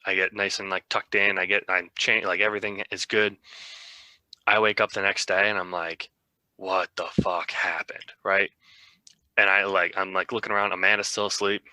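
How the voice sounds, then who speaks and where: A man's voice: low voice, little pitch movement, a little fast, pushed and bright, clear, resonant tone, no room sound. A young man co-hosting a podcast, telling a rambling, self-mocking story in a casual way. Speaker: podcast co-host.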